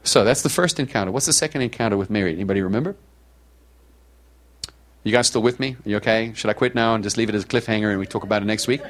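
A middle-aged man preaching a sermon in a conversational way, asking the congregation questions and acting out quoted speakers in a softer, lower voice. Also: very fast. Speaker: pastor.

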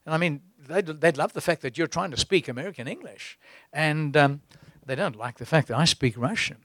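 A man's voice: on the high side, lively intonation, a little fast, fairly bright tone, dry recording. A man preaching a sermon in an exhorting way, breaking into chuckles.

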